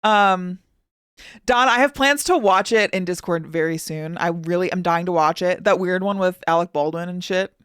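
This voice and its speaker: A woman with a Chicago accent, chatting as a streamer in an excitable, rambling way. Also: fairly low pitch, normal speed, clean tone, no room sound, clean studio sound. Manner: excitable, rambling, often laughing. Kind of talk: casual reaction stream chat.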